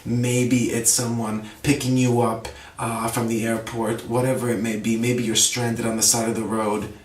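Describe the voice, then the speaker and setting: A man teaches English vocabulary in a relaxed, chatty way and keeps asking his listeners "okay?" as he goes. His voice sits in a middle register. It is picked up from a little way off the mic, in a room that gives it a noticeable echo. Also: medium pitch, normal speed, far from the mic. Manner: conversational, frequent "okay?" check-ins, acts out example phrases. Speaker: ESL teacher, podcast host. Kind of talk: casual vocabulary lesson.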